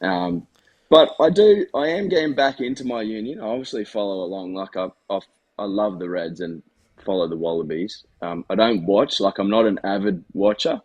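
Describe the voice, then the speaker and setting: A man's voice: lowish voice, moderate pace, darkish tone, dry recording, dull audio. An Australian man in his thirties, a former rugby player guest joining by video call, chatty, enthusiastic and self-deprecating.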